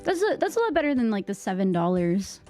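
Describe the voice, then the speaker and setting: A young woman from Massachusetts with a Boston accent, chatting casually with her stream viewers, rambling with lots of fillers, on a boom-arm mic at home. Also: very animated, quick pace, dark tone, faint music behind. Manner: rambling, many fillers and restarts. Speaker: live streamer. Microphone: microphone on a boom arm.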